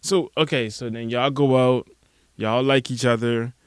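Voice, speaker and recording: A man hosting a podcast, asking questions in a relaxed, playful way with lots of affirming replies. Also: medium pitch, unhurried, clean tone, no echo, studio quality. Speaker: podcast host. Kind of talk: casual interview.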